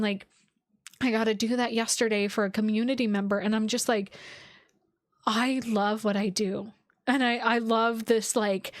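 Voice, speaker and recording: A woman's voice: fairly high pitch, no room sound, clean studio sound. A woman astrologer hosting a casual live stream, talking to her viewers in an effusive, heartfelt way, full of likes and restarts. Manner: talks with many likes and restarts.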